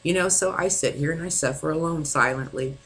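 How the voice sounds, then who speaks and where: Angry and distraught, a vlogger vents to the camera in a personal monologue, swearing often and rambling with lots of fillers. The voice is mid-range, brisk, fairly bright, and breathy-edged, and the recording is rough.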